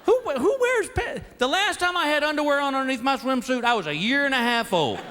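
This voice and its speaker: A man's voice: extremely high pitch, lively intonation, a little fast, a little hiss or hum. A man performing a stand-up set on stage, telling exasperated, folksy stories and acting out his wife and himself. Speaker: stand-up comedian. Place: large theater with a laughing audience. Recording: live show with loud crowd laughter.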